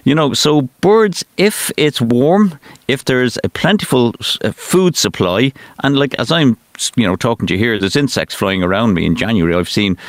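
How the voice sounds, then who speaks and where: Brief: Irish male bird expert, relaxed, calling in from a car, dry close sound. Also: medium pitch, moderate pace, no echo. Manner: relaxed, chatty. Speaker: ornithologist. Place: parked car in the mountains.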